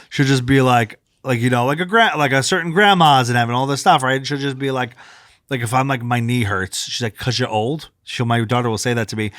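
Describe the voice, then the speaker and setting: A man rambles through family stories as a podcast co-host. He speaks at a middle pitch, heavy with fillers. The recording is close and dry. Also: fairly bright tone, dry recording. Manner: rambling, frequent fillers, laughs at own stories. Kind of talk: casual chat.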